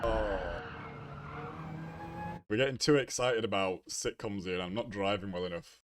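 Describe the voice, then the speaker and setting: Chatty streamer over engine noise. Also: male voice, on the low side, measured pace. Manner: chatty, laughs often, greets chat by name. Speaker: racing game streamer. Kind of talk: casual live-stream chat. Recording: racing car game noise behind. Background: engine noise from the racing game.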